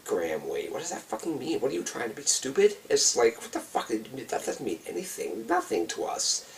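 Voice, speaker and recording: A man's voice: medium pitch, huge pitch swings, moderate pace, gravelly, distant mic, a little hiss or hum. A man voicing the mushroom spirits as all-knowing, scornful beings that swear and mock in disbelief. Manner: mocking, incredulous, profane.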